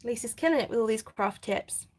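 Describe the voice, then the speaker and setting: A woman's voice: on the high side, lively intonation, fairly quick, darkish tone. A woman hosting a live crafting stream, chatting casually, reading viewer comments and laughing often. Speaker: craft channel host.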